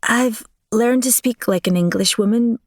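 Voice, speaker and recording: A woman's voice: on the high side, unhurried, no room sound, clean studio sound, pitched above the performer's own voice. A woman voicing a proud, nervous young Scottish noblewoman in an audiobook, speaking earnestly with a Scottish brogue. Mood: flustered.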